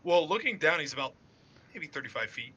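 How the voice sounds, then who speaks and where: A man narrating as dungeon master in a casual online tabletop game, laughing often and shouting lines for the crew he plays. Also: fairly high pitch, big pitch swings, a little fast, a little hiss or hum.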